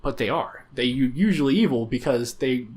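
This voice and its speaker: A man's voice: medium pitch, lively intonation, moderate pace, a little mellow. A man with a mid-range voice co-hosts a casual gaming podcast. He rambles, swears freely and restarts his sentences often. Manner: rambling, profane, lots of fillers and restarts. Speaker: podcast co-host. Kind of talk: casual chat about tabletop games.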